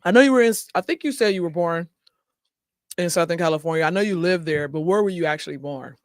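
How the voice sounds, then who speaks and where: A man's voice: fairly high pitch, fast, no echo, studio quality. A man hosting a casual talk show, chatting and reading viewer comments aloud with frequent laughter. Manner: chatty, laughs often, talks to viewers directly. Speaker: show host.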